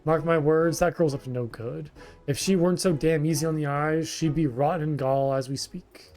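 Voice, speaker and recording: A man voicing a gruff, coarse brawler in a video game, reading the part aloud. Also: on the high side, fairly even intonation, normal speed, a little mellow, close to an everyday voice. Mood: scornful.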